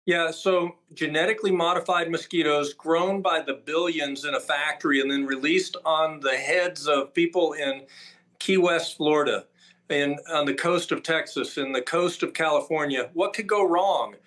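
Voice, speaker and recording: A man appears as a guest doctor in an interview. His voice runs a little higher than most men's. He talks emphatically and lists his points one after another, with frequent filler sounds. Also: fairly even intonation, moderate pace, a bit bright.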